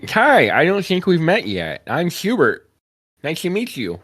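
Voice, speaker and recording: A man's voice: a little high, huge pitch swings, unhurried, a bit bright. A man playing a tabletop character, polite and a bit awkward. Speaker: player.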